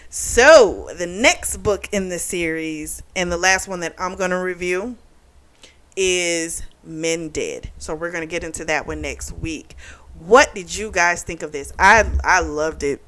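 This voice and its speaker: Here a book reviewer talks casually about a romance novel in an unhurried, fairly low voice with a bit of brightness. Recounting the story, she performs the characters' quotes using "she's like."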